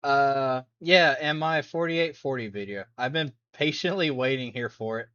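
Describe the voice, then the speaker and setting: A man's voice: mid-range voice, moderate pace, a bit bright, lo-fi sound. A man chatting casually on a live stream while reacting to videos, rambling, laughing and humming along.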